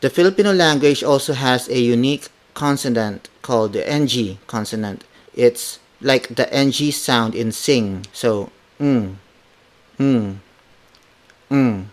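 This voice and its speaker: A man teaching pronunciation on a podcast, saying each example word slowly and repeating it several times, louder on the examples. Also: medium pitch. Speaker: language teacher. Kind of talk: podcast language lesson.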